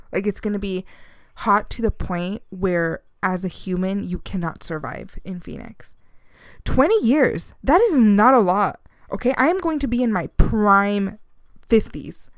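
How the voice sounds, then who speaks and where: A woman in her thirties hosting a podcast from home, chatting in a lively, animated way and dropping in Spanish phrases. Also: mid-range voice, dry recording, clean studio sound. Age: 30s. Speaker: podcast host. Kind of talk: casual chat.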